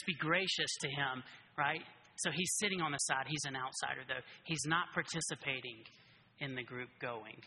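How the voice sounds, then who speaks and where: A man preaching a casual, animated sermon who keeps checking in with his listeners by asking "right?". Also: a little high, a little hiss or hum. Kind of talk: conversational sermon. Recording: reverberant hall.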